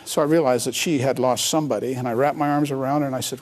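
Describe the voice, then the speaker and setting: A man's voice: mid-range voice, steady tone, quick pace. Earnest middle-aged man telling a story. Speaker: interview guest, author. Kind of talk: personal storytelling interview.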